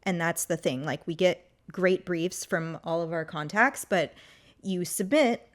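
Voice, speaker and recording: Chatty woman with a lowish voice. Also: a little slow. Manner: chatty, full of "like" and "um" fillers. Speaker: guest, music agency co-founder. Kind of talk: casual interview chat.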